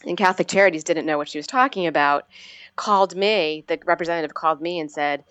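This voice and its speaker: A woman in her forties telling her personal story as an interview guest, earnest and halting, often restarting her sentences. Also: fairly low pitch, fairly bright tone, clear, resonant tone, dry recording, muffled recording. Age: 40s.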